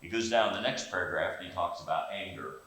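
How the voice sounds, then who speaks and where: An older man preaching a sermon in a church, animated and folksy, asking the congregation questions. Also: low voice, a little fast. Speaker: pastor. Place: church sanctuary. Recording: very echoey church room, distant mic, faint hiss.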